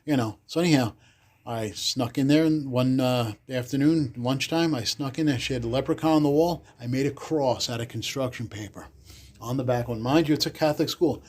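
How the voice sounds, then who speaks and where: A man, a podcast guest telling loud, animated stories in casual chat, cursing freely and acting out the people he quotes. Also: medium pitch, fairly quick, husky. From the Bronx, New York. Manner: animated, swears freely, acts out quotes loudly. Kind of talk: casual storytelling.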